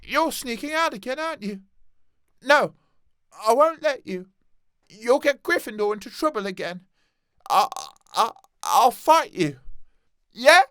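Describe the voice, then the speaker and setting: A man's voice: very high voice, sing-song, a little slow, long pauses, pushed and bright, clear, resonant tone, dry recording, studio quality, voice pushed up, heavily acted. A man voicing a nervous young schoolboy who stammers as he stands his ground. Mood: nervous defiance.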